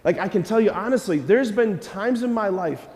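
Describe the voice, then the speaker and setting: A man, a Catholic priest, preaching a lively homily, animated and questioning the congregation. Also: high-pitched, moderate pace. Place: church. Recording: long church reverb.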